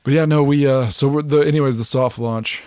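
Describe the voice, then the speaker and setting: A man's voice: mid-range voice, a little fast, clear, resonant tone, no room sound, studio quality. A man co-hosting a casual podcast chat, telling stories animatedly and acting out quotes. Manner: animated storyteller, acts out quotes, swears. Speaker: podcast co-host. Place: small hot room.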